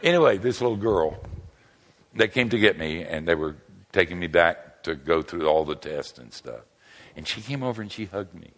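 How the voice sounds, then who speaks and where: An older man whose voice sits low speaks at normal speed, preaching a lighthearted sermon through animated storytelling and crowd jokes. The sound carries long hall reverb.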